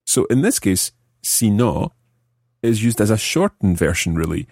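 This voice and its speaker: Male podcast language teacher, low husky voice, dry close mic, patient explainer. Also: very animated, a little mellow, no room sound. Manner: explains slowly, repeats example phrases.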